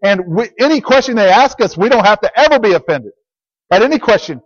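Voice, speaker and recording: High-voiced man preaching a plain sermon. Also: lively intonation, a little fast. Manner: earnest, plain teaching with repeated phrases. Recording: dull lo-fi recording.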